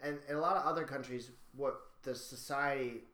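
A man's voice: mid-range voice, fairly even intonation, a little fast, sharp tone, echoey room. A man co-hosting a casual livestream from a living room, joking and chiming in with an offhand manner. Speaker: livestream co-host. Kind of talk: casual chat.

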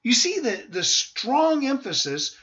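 A man's voice: very high voice, very animated, slow, bright, forceful tone, lo-fi sound. A man pastor teaching a verse-by-verse Bible sermon, earnest and emphatic, with rhetorical questions to his listeners.

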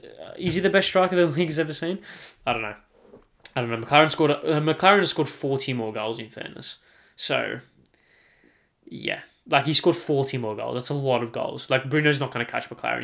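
An Australian man holds forth alone on his podcast, hammering his points home by saying them again and again. He talks at a middling pitch and swears without a second thought. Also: creaky, a bit bright. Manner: emphatic, repeats himself, swears freely. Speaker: podcast host. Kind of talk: solo sports podcast rant.

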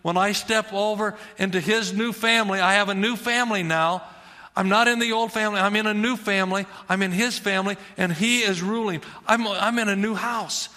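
A man's voice: sits high, steady tone, fairly quick, bright, forceful tone, in a large hall. A middle-aged male pastor preaching a sermon in an earnest, conversational way, repeating his phrases for emphasis.

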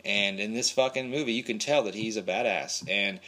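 Man, lowish voice, profane rambling movie recap host, laid-back delivery. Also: normal speed, few pauses, bright, forceful tone.

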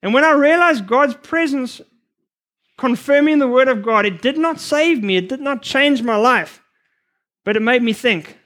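A man preaching a sermon to future missionaries, earnest and emphatic, sometimes rushing his words. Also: extremely high pitch, lively intonation, fairly bright tone. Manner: earnest, emphatic, rushes at times.

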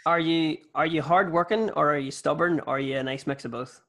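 A man hosting an interview, joking and telling animated stories. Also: on the high side, a little fast. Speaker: podcast host. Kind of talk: casual interview chat.

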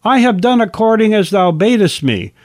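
A man's voice: high voice, animated, normal speed, no room sound, studio quality, voice pushed up. A man voicing a deceitful young son in a scripture reading, speaking archaic lines with a pious lilt. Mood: eager.

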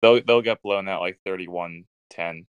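A man's voice: sits low, measured pace, a little hiss or hum. A man co-hosting a casual sports podcast, giving blunt, decisive predictions. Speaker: podcast co-host.

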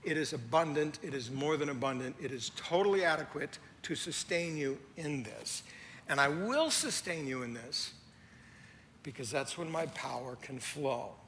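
A man, a lead pastor, preaching a sermon in a conversational way that swings from animated to hushed. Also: on the high side, moderate pace, a little hiss or hum. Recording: long hall reverb, faint ambience.

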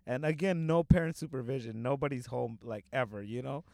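A man's voice: medium pitch, brisk, gravelly, darkish tone, no room sound. A young man from Southern California tells a long story in loose, casual chat. He swears freely and leans on fillers constantly. The recording is dry and close. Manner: rambling, profane, filler-heavy storytelling.

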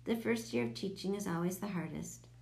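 A woman's voice: mid-range voice, a little fast, gravelly, mellow, close to an everyday voice. Kindly, firm male principal, read by a woman for a storybook. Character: male school principal, kindly but stern.

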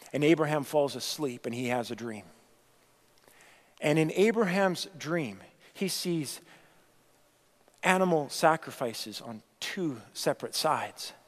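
Slow, emphatic male preacher. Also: on the high side, in a large hall. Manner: slow, emphatic preaching with dramatic quotes and repetition. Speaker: pastor. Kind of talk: sermon.

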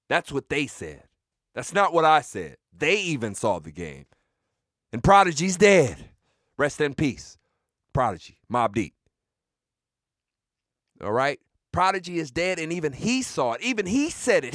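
A man hosting a sports podcast, delivering comedic, mocking trash talk with sudden shouted bursts. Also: medium pitch, no echo, studio quality.

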